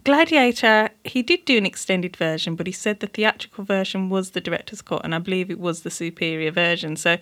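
A woman's voice: fairly low pitch, fairly quick, few pauses, a bit bright. A woman co-hosting a film podcast in casual chat, playful and teasing, often laughing. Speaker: podcast co-host.

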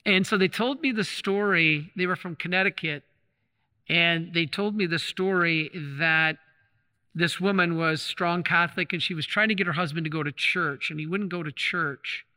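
A man's voice: fairly high pitch, moderate pace, pushed and bright. A man preaching as a Catholic priest, telling a story in a conversational way with restarts and repeated phrases, recorded in a church. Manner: conversational, retells stories with restarts and repetition. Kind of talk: sermon with storytelling. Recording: long reverb of a large hall.

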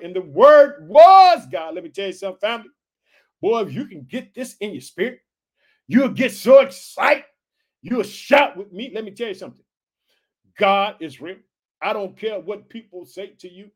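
A man preaching an energetic sermon, reading scripture aloud and calling out to his listeners as family. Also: sits high. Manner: animated, exclaims hallelujah, addresses listeners as family.

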